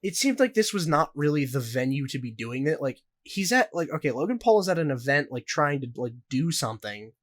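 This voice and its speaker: A man's voice: a little high, sing-song, brisk, few pauses. A young man co-hosting a podcast, telling a story in a rambling, profane way full of filler words. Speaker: podcast co-host. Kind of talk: casual podcast chat.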